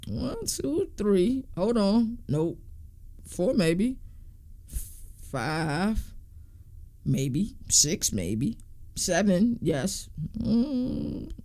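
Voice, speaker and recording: A man's voice: high voice, a little mellow, dry recording. A man hosting a sports podcast, talking casually and in slang while he thinks aloud and counts through team schedules.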